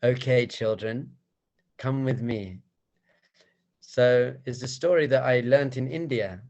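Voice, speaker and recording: A rabbi tells a story to his group in an animated, playful way. His voice has a gravelly, creaky texture at an ordinary middle pitch. He moves easily between narrating and teaching. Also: rough recording.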